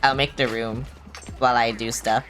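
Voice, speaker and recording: A young woman with a low voice chats loosely while streaming a video game, blunt and quick to swear at herself. Faint music plays behind her. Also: fairly even intonation, a bit bright. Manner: blunt, swears often, self-mocking. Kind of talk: casual live-stream chatter.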